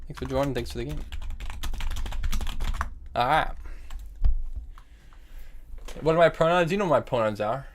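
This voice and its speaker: A young man streams chess from his desk, thinking aloud about his moves, repeating phrases as he weighs options and pausing to answer chat. His middle-pitched, animated voice comes at normal speed with frequent pauses, through a desk mic that adds a little hiss or hum.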